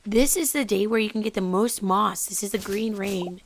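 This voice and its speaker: A woman hosting a casual let's play, chatting excitedly and sometimes dropping into whispers as she plays. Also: mid-range voice, moderate pace, a little hiss or hum. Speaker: gaming channel host.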